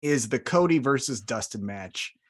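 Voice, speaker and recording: A man co-hosting a wrestling podcast in casual chat, jokey and animated, recapping matches and acting out lines. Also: medium pitch, normal speed. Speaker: podcast co-host.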